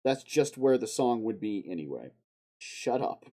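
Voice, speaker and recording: Husky-voiced man muttering while editing. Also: mid-range voice, very animated, measured pace, warm tone. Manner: profane, muttering to himself, sudden outbursts. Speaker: live streamer. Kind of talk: casual self-talk while video editing on stream.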